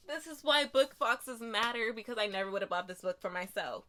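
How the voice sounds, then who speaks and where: A woman's voice: fairly high pitch, expressive, a little fast, hardly any pauses, pushed and bright. A young woman vlogging about books, unboxing a book box and gushing with emotion, dropping to whispers and rising to squeals. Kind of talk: excited unboxing vlog.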